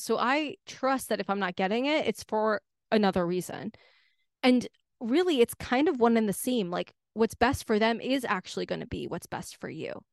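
A woman's voice: on the high side, dry recording, studio quality. A young woman hosting a solo podcast, chatty and upbeat, filling her talk with "like" and "right?". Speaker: podcast host.

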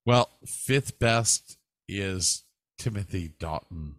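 A man co-hosting a casual chat, asking his partner questions at an unhurried pace. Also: deep voice, fairly bright tone, no echo, studio quality. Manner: leads with questions, slow and drawn out.

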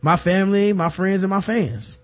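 A man's voice: sits high, expressive, normal speed, voice pushed up. A man putting on a drawling, mock-genteel Southern US accent to play a celebrity woman cook.

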